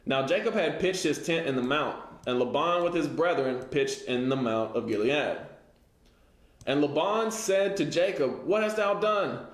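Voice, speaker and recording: A man's voice: on the high side, measured pace. A man teaching a casual Bible lesson, reading scripture and retelling it in everyday slang. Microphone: livestream setup. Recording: echoey room.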